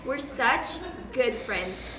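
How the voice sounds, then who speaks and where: Casting: high-voiced teen actress playing a giddy, unhinged teenage girl, bubbly with sudden bursts, echoey stage. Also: expressive, very slow, a bit bright, exaggerated voice. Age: teens. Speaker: student actor. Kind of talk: stage monologue. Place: school theater stage. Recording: echoey stage with background noise.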